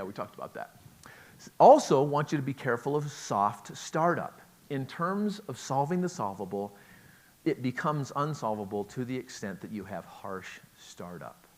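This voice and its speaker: A man's voice: mid-range voice, animated, a little slow, pauses often. A middle-aged man giving a relationship talk at a conference, chatty and joking, asking the audience questions. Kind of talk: lecture to a live audience.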